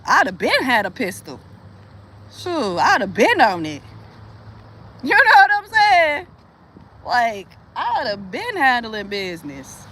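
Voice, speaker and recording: A woman's voice: fairly high pitch, wildly swooping pitch, takes it slowly, long pauses, a bit bright, a little hiss or hum. A woman vlogger venting in a casual, profane monologue, laughing often, with speech.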